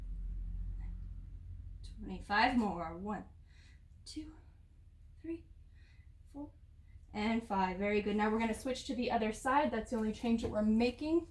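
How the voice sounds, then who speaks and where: A woman with a somewhat high voice leads an at-home workout, counting reps aloud and explaining each move as she does it herself. She sounds slightly out of breath from exercising along. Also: normal speed, pauses often. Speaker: fitness instructor. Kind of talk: follow-along workout instruction.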